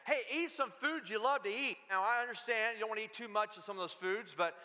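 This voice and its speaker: A man's voice: sits high, quick pace, pushed and bright. A man pastor preaching a sermon in an emphatic, conversational way, repeating his phrases. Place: church sanctuary. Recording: long church-hall reverb.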